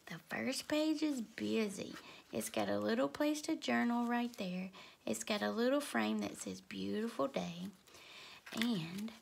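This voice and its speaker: A woman, talking in a soft half-whisper at home as she shows her craft work. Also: on the high side, measured pace, creaky, slight background noise. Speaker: craft vlogger. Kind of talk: crafting show-and-tell. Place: home, early morning.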